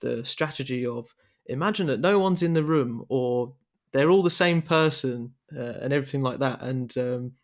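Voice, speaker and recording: A man in his twenties being interviewed on a podcast, speaking modestly and haltingly. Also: medium pitch. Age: 20s. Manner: modest and halting, with many fillers and restarts. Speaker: interview guest. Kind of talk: conversational interview.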